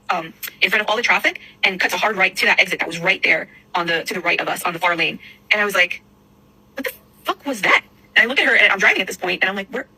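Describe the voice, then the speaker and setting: Woman, rapid casual storytelling, rambling, swears freely, husky edge, sharp tone. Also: fairly low pitch, low-quality recording. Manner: rambling, animated, curses freely; many fillers and self-corrections. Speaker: storyteller in a clip.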